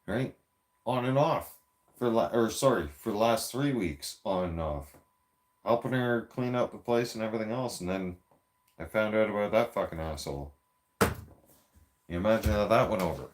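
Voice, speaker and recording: A man telling a story in a heated, profane, rambling rant with frequent restarts, a few beers in. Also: on the low side. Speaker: vlogger.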